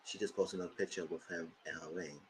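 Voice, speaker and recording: A man hosting a live TV review, chatting casually in a blunt, slangy, animated way. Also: deep voice, fast talker, slight background noise, low-quality recording. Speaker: host of a TV review channel.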